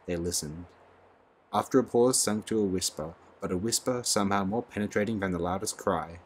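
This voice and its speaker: A male audiobook narrator reads a classic novel aloud. His voice sits very low. He reads expressively, letting the prose swell with the scene. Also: a little fast, a little hiss or hum. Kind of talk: scripted narration.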